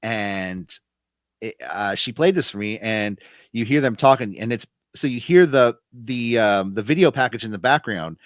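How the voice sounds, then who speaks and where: A man co-hosting a wrestling podcast tells stories in a loose, rambling recap, full of fillers and restarts. His voice is on the low side and expressive, his pace moderate, and there's no room sound.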